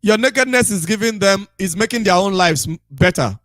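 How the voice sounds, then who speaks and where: High, bright-voiced preaching man. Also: expressive, fairly quick, dry recording, studio quality, soft background music. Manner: repetitive, emphatic, scolding. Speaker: radio broadcaster. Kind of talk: preaching monologue.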